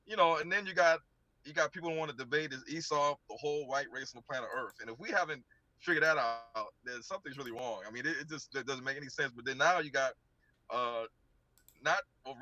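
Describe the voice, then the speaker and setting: A man's voice: fairly high pitch, fast talker, bright, forceful tone, no echo, lo-fi sound. A man speaking casually to his audience, rambling and often repeating his words. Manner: rambling, repeats himself while talking. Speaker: ministry speaker addressing debate challengers. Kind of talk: casual monologue.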